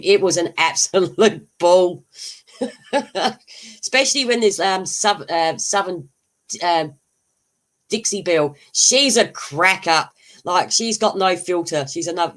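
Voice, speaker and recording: A livestream host chats casually and rambles, laughing often and responding to viewers' comments. The voice is mid-range with a fairly bright tone.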